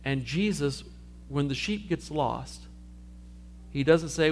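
A man preaching a sermon, telling a parable with lively storytelling and acting out the characters' lines. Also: fairly high pitch, slow, slight background noise. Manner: animated storytelling, acting out sheep and Jesus. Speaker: pastor.

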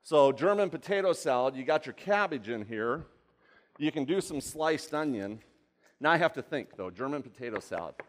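A man's voice: medium pitch, expressive, moderate pace. A man giving a live cooking demonstration, chatty and rambling, often asking the audience questions. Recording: long hall reverb.

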